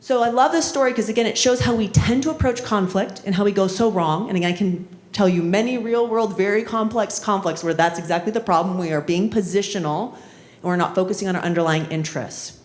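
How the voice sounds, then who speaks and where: A woman trainer talks a workshop group through conflict skills in a loose, conversational way. She tosses in "right?" as she goes. Her voice sits at a middle pitch and bounces around a fairly reverberant room. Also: brisk, a little mellow. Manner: conversational, often adds "right?" and acts out quoted voices. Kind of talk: workshop lecture with storytelling. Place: municipal training session room. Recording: echoey room.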